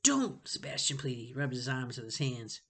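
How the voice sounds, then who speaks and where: Bright expressive woman reading aloud. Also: a bass voice, fairly quick, slightly rough. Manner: expressive, stops to savor phrases. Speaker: reader for students. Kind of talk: reading a novel aloud with asides.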